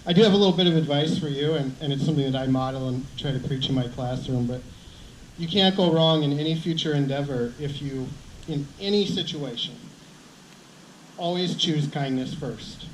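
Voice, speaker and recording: Earnest man teacher, slightly high, echoey. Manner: earnest, halting restarts, gentle advice. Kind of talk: graduation speech. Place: outdoor ceremony with crowd. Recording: echoey outdoor sound with background noise.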